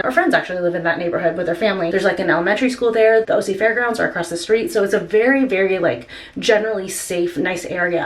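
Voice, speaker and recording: A young woman telling a story in a casual vlog, chatty, with many filler words. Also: fairly low pitch. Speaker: vlogger.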